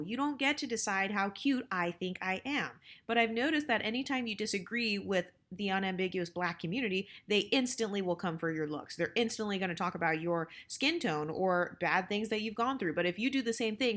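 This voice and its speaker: A woman giving pointed reaction commentary on viewer comments. She is emphatic and argumentative, and she keeps firing rhetorical questions at her critics. Her voice sits at an ordinary middle pitch for a woman. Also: fairly bright tone. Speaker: channel host.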